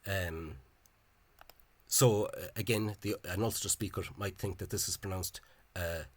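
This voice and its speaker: A man giving an informal spoken lecture over on-screen examples. He talks in a halting, hesitant way and is openly scornful of the official spelling. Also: sits low, fairly even intonation, no room sound. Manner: hesitant and halting, with frequent pauses and restarts. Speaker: language enthusiast presenting a video lecture.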